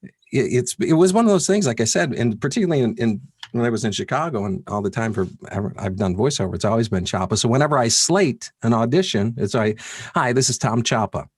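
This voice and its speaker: A man chatting as a guest on a video call, playful and self-mocking, quick to laugh. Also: medium pitch, expressive, a little mellow, husky, no echo, clean studio sound. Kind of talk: casual chat. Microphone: video call mic.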